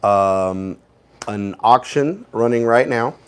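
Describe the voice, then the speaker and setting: A man co-hosting a casual livestream, talking in an easygoing, rambling way with pauses. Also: medium pitch, clear, resonant tone. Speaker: co-host of a gun shop livestream.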